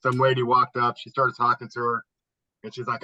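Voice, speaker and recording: A man's voice: mid-range voice, monotone, brisk, bright, forceful tone. A man in a casual club chat, loose and profane, laughing as he tells stories over a video call. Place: home garage. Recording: dull lo-fi video call audio.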